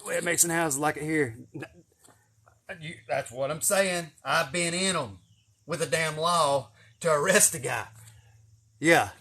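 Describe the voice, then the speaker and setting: Man, casual storyteller, cussing, slightly high voice. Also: a little slow, pauses often, husky. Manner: swearing, animated storytelling with acted-out quotes. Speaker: vlogger telling stories.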